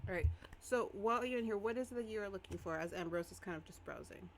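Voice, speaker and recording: A lively woman narrating as game master of a tabletop role-play, laughing easily. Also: mid-range voice, quick pace, slight background noise.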